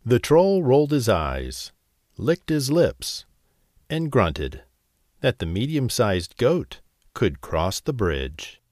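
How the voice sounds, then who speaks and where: A man narrating a bedtime story in a slow, expressive, gentle way. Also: mid-range voice, no echo, studio quality.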